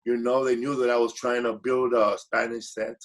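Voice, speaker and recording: A man on as a guest comedian shares rambling, relaxed stories at normal speed, his medium-pitched voice keeping a level tone. He often corrects himself and mixes in Spanish phrases.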